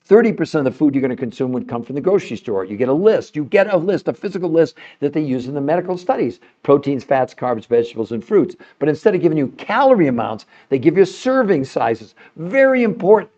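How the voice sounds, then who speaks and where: An older man with a fairly high voice leads a live stream for his viewers, pushing hard on every point and leaping up in pitch to stress a word. The audio sounds dull and lo-fi, like a muffled stream feed. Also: sing-song, fast, few pauses, dark tone. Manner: emphatic, salesy, pitch jumps high for emphasis. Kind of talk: live-stream talk to a chat audience.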